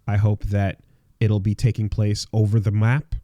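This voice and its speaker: A man's voice: on the low side, little pitch movement, moderate pace, warm tone, no echo, lo-fi sound. A man co-hosting a casual podcast, rambling and swearing, with lots of fillers and restarts. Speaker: podcast co-host.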